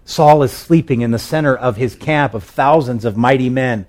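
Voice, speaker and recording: A man's voice: medium pitch, moderate pace, darkish tone. A male pastor preaching a sermon in a conversational storytelling way, with fillers and restarts.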